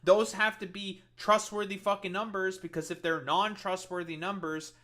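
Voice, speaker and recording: A man's voice: high voice, little pitch movement, normal speed, pushed and bright. A man streaming commentary, ranting in a heated, exasperated way and swearing constantly. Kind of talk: profane political rant.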